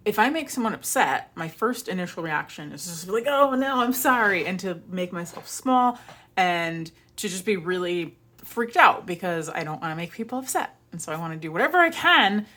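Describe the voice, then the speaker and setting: A young woman vlogger chats casually to the camera, telling stories and acting out her own flustered apologies. Her voice is on the low side and a bit bright.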